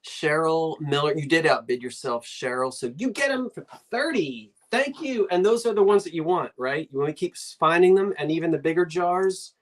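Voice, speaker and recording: A woman's voice: sits low, normal speed, hardly any pauses. An older woman with a New Jersey accent, hosting a live online antiques sale in a chatty, rambling way, talking to herself and her viewers as she goes.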